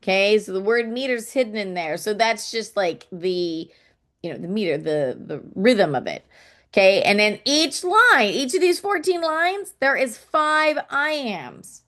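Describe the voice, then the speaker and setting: Woman, homeschool teacher, slow deliberate pace, casual explaining, frequent "okay?". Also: mid-range voice, big pitch swings, fairly bright tone. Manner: says "okay?" often, taps out rhythms aloud.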